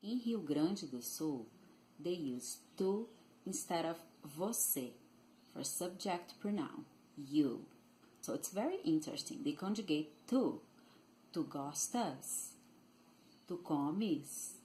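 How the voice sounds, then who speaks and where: A woman from Rio de Janeiro state, speaking with a Brazilian Portuguese accent, gives a Portuguese lesson and carefully models pronunciations. Her voice is low and dark with lively intonation, and she speaks slowly. The recording is rough, with a faint hiss or hum.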